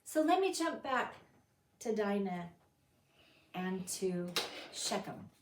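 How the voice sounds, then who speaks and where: A woman's voice: medium pitch, big pitch swings, takes it slowly, distant mic, slight background noise. A woman teaching a Bible study, telling the story dramatically and acting out the characters' lines. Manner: dramatic, acts out quotes with sudden loud outbursts. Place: fellowship meeting room. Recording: roomy sound from off the mic.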